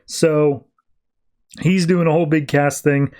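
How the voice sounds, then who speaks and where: A man's voice: on the high side, fairly even intonation, slow, a little mellow. A man hosting a podcast, casually recapping a comic with loose, filler-heavy paraphrase. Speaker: podcast host.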